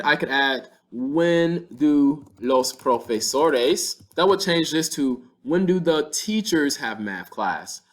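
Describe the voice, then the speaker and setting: A man teaching a Spanish lesson, explaining step by step and slowing down to sound out example words. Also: fairly high pitch. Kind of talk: classroom-style language lesson.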